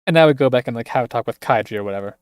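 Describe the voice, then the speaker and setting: A man streaming a game and chatting casually between lines, musing in a relaxed way. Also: mid-range voice, very fast, smooth, no echo, clean studio sound. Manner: relaxed, musing, uses "like" fillers.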